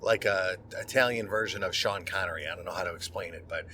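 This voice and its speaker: A man's voice: low-pitched, fast talker, bright, forceful tone, a little hiss or hum. A middle-aged man, a podcast host, telling a personal story in a candid, conversational monologue and often restarting words.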